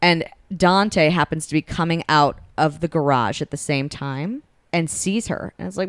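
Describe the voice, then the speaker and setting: Young woman podcast host, low smooth voice, dry close sound, casually recaps a story and voices the characters. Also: moderate pace, hardly any pauses, dry recording. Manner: animated retelling, acts out characters' lines. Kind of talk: casual chat, retelling a romance story.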